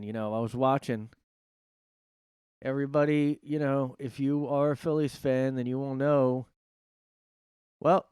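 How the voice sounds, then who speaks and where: Guy from south jersey rambling into his mic at home, smooth clear voice, lots of uhs and likes, super dry sound. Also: medium pitch, a little mellow, no room sound. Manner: rambling, filler-heavy and jokey. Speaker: podcast host. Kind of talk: casual solo monologue. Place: his own room.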